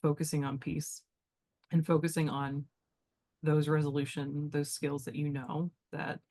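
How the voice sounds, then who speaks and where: A woman's voice: deep voice, flat delivery, a little slow, warm tone. A woman who is a teacher, chatting casually as a podcast guest, talking things through in a reflective, rambling way with many fillers.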